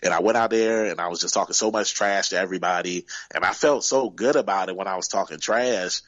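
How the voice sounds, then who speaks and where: A man's voice: sits low, brisk, a bit bright, dry recording, highs cut off. A man, a guest wrestler, telling stories casually in an interview, rambling with many fillers.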